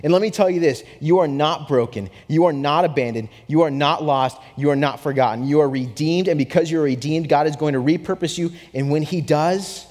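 A young adult man preaching a sermon, telling a story with animated swings from hushed to excited. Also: a little high, brisk, hardly any pauses. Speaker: pastor. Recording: long hall reverb.

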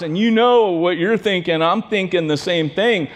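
A man preaching a sermon, telling a story in an animated way and joking with his congregation. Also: high voice, moderate pace, hardly any pauses. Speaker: pastor. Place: church sanctuary. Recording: long church hall reverb.

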